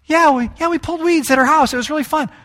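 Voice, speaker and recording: Guy doing his kid sister, high squeaky excited little girl gushing away. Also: fast, long reverb tail. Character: young girl, the speaker's childhood sister, gushing.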